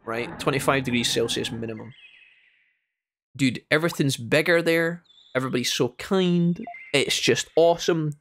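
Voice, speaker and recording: A Scottish man chatting casually to his viewers while playing a game, telling animated stories between moves. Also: fairly high pitch. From Scotland. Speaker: gaming streamer. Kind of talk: casual gameplay chat with storytelling.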